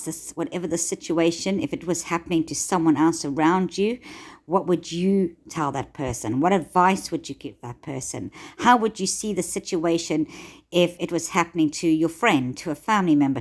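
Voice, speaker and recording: A woman giving conversational self-help advice, gently encouraging, with frequent filler words. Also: on the low side.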